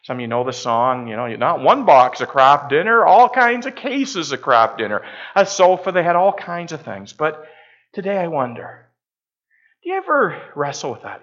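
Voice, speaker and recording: A man's voice: a little high, very animated, normal speed, fairly bright tone. A middle-aged man from Canada, a pastor telling a story in a conversational, self-deprecating way during a sermon in a church. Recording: muffled lo-fi church recording.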